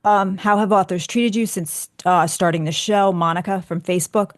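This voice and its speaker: A woman's voice: mid-range voice, fairly even intonation, normal speed, no room sound, studio quality. A woman hosting a radio show, chatting candidly and with feeling as she answers listener questions. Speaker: radio show host and author.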